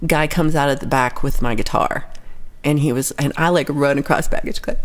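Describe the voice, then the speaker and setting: Low-voiced woman telling a story. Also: fairly quick. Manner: animated storytelling, acting out quoted people, frequent laughs. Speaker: livestream host. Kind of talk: casual livestream chat.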